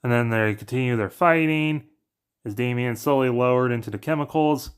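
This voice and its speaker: A man casually narrating a plot recap in a brisk, offhand way. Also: mid-range voice, smooth. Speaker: narrator pitching story ideas.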